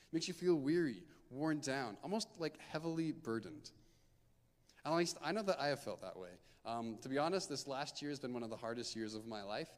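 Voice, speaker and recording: A young male preacher talks through scripture in a relaxed, frank way, with plenty of fillers. His voice sits in a middle range. The sound carries a long reverb, as in a large church hall. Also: medium pitch. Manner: informal, candid, filler-heavy with likes and ums. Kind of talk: casual sermon with scripture reading.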